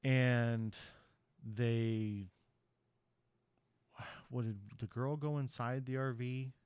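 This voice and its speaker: A man's voice: medium pitch, steady tone, extremely slow, darkish tone, clean tone, dry recording. A man on a podcast casually retelling a horror movie's plot in a rambling way, acting out the characters' lines and swearing loosely. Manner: loose, profane slang. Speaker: podcast host.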